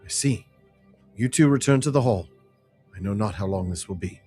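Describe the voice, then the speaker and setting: A man voicing a proud, stern young noblewoman with formal, measured speech in a fantasy game. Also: fairly low pitch, mellow, faint music behind, lightly acted.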